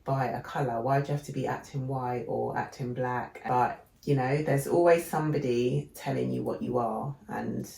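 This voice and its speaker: Brief: woman podcast co-host, very low gravelly voice, animated storyteller, roomy echo. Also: moderate pace, few pauses. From England. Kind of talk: casual chat.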